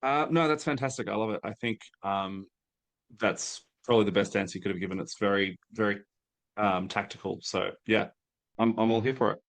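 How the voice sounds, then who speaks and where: A man joining a coaching call, answering in a relaxed, hesitant way. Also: lowish voice, a little fast, vocal fry, no room sound. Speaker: call participant.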